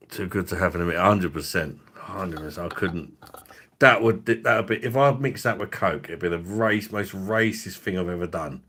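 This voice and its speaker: A man's voice: low-pitched, sharp tone. A man, hosting a drinks review livestream in a rambling, profane, laughing way. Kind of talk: casual livestream chat.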